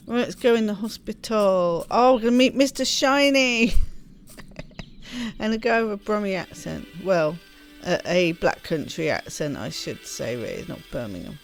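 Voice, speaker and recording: A woman's voice: fairly low pitch, normal speed, faint music behind. A woman hosting a let's play, chatting casually and giggling as she plays. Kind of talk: casual gaming commentary.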